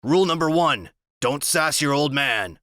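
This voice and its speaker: A man's voice: fairly high pitch, animated, measured pace, no echo. A man doing a menacing ex-con father. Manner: quiet, menacing, commanding. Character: menacing ex-convict father, cold and controlling.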